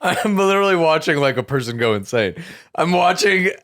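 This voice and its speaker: A man's voice: fairly high pitch, animated, brisk, fairly bright tone. A man co-hosting a comedy podcast who reacts with incredulous comments. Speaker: podcast co-host.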